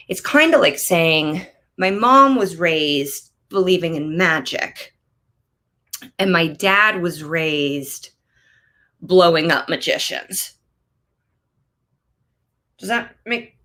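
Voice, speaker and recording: A woman in her thirties performs stand-up from her home office, speaking into a computer mic on a video call. Her voice is bright and sharp, and she rants, her pitch jumping way up on punchlines. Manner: animated, ranting, jumps into high-pitched outbursts. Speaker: stand-up comedian. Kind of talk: stand-up comedy set over video call.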